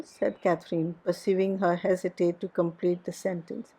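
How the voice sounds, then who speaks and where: A woman's voice: fairly low pitch, level tone, moderate pace, hardly any pauses, dark tone, husky. Woman reading a classic novel aloud. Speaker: audiobook narrator.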